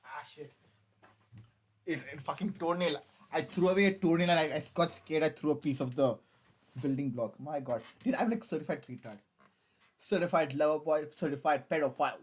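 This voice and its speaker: A young man chats on a casual live stream while putting together a model kit. His voice is fairly high, husky, and animated, and he talks briskly. He's hyper, giggly, and profane, rambling along and poking fun at himself.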